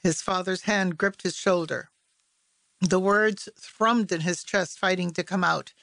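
A woman narrating literary fiction as an audiobook, in a measured, even storytelling voice on a close mic. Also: on the low side, creaky, no room sound.

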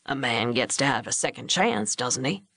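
A woman voicing a big, steady rancher father who speaks low, even and quietly firm. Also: normal speed, creaky, dry recording, clean studio sound, full character voice.

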